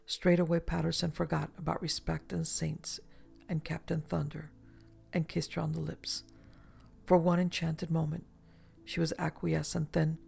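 A narrator reading a romantic adventure novel aloud in measured, even storytelling. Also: medium pitch, gravelly, husky. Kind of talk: audiobook narration.

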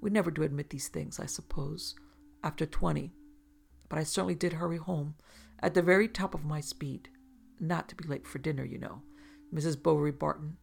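A woman reading aloud and voicing a grave, somewhat sheepish gentleman scientist. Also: deep voice, fairly even intonation, fairly quick, vocal fry, slightly rough, full character voice.

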